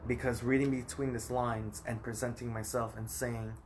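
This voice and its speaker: A man's voice: medium pitch, little pitch movement, normal speed, background noise. A man in his thirties from the United States, talking to his phone in a rambling, emphatic personal vlog. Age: 30s. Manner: rambling, emphatic, talks straight at the viewer.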